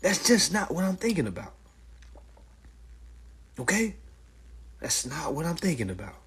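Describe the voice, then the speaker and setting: A man ranting casually and profanely on a phone livestream, animated and loud. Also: fairly high pitch, measured pace, husky. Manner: animated, profane, mimics others' voices. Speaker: livestream host.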